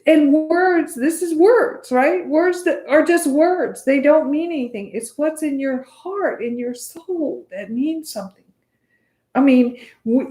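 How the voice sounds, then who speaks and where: A woman's voice: sits high, a little mellow, echoey room. A woman from the United States teaching meditation in a casual, chatty way, often checking in with "right?".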